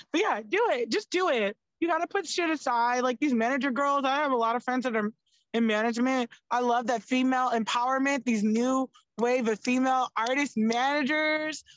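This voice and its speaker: Young woman podcast guest, chatty and animated, higher voice. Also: moderate pace, dry recording, dull audio. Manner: animated, lots of "like", swears freely. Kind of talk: casual chat.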